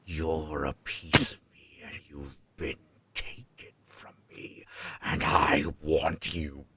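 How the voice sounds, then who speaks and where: A man voicing a cold, possessive male demon in a whispered role-play, using a hoarse whisper. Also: very deep voice, flat delivery, slow pace, pushed and bright, no echo, heavily acted. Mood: menacing.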